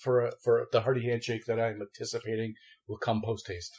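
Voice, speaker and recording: A man playing a wordy, evasive Southern gentleman lawyer, flowery and polite, halting with many restarts. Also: medium pitch, level tone, close to an everyday voice. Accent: American Southern. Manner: florid, overly polite.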